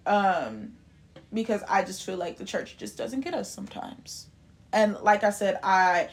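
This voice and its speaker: Young woman from indiana, twenties, talks real open and frank, kinda high-pitched. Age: 20s. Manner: frank, conversational, emotionally open. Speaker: young churchgoer sharing her story. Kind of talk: candid personal talk.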